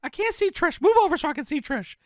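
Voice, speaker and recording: A man's voice: big pitch swings, fast. A man doing a whiny, petulant old commentator. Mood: whining. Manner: high whiny complaining, shouting. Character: whiny older male commentator, petulant and grumbling.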